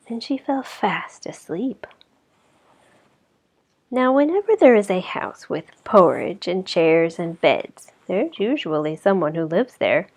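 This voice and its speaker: Slow, expressive woman reading a children's story. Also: lowish voice. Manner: expressive, slow, sometimes whispering.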